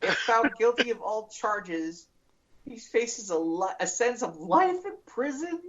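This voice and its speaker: A woman's voice: fairly high pitch, expressive, unhurried, muffled recording. A woman hosting a comedy news podcast, reading a story and breaking into giggles.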